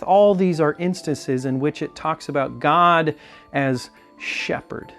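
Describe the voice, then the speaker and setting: A man's voice: a little high, slow pace, fairly bright tone, soft background music. A male pastor leading an informal Bible study talk, conversational, asking rhetorical questions and restarting phrases as he goes. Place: church video segment.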